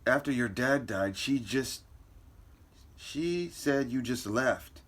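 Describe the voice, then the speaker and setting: A man's voice: mid-range voice, animated, slow pace, a bit bright. A man voicing a worried, earnest young girl in a comic book reading. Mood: pleading.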